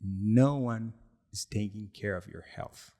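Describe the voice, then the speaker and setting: Unhurried and fairly low in pitch, this male podcast co-host and product founder relates a story in a relaxed, lively manner. Laughter breaks in often, and he acts out what people said.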